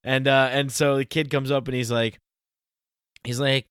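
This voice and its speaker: A man hosting a casual podcast, earnest and emphatic, slowing down to press his points. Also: mid-range voice, little pitch movement, a bit bright, smooth, no room sound, studio quality. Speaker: podcast host.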